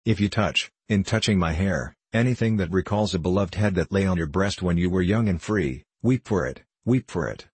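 A man's voice: low voice, moderate pace, hardly any pauses, a little mellow, husky, no echo. A man voicing a tender young woman who earnestly implores her father, for a storybook reading. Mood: tender, imploring.

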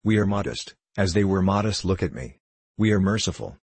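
A young male anarchist orator, declaiming in a low, penetrating voice that runs very deep, as an audiobook narrator puts him on. His tone is husky and dry, close to the mic, and he builds his case in rhetorical, impassioned periods. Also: animated, a little fast, darkish tone, no echo, full character voice. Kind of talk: audiobook character voice.

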